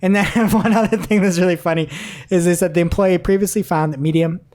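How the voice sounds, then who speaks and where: A woman's voice: fairly low pitch, steady tone, a little fast, darkish tone. A woman co-hosting a casual marketing news podcast, chatting animatedly, often laughing and reading quotes aloud. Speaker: podcast co-host.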